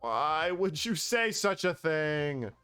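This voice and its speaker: A man's voice: fairly high pitch, sing-song, takes it slowly, bright, forceful tone, clean tone. A man streaming casually, talking in a playful, mock-exasperated way with sighing asides. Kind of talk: casual livestream commentary. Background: faint background music.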